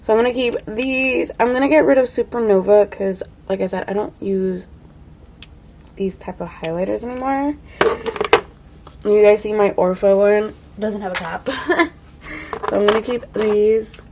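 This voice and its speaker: A young woman talks through her makeup collection in a relaxed, rambling way, sprinkling "like" everywhere. Her voice sits at an ordinary middle pitch for a woman. She often drops quiet and breathy when she admires a product. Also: moderate pace, very noisy. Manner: chatty, full of "like", drops to a soft hush when admiring products. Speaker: beauty vlogger. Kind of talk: casual makeup declutter chat.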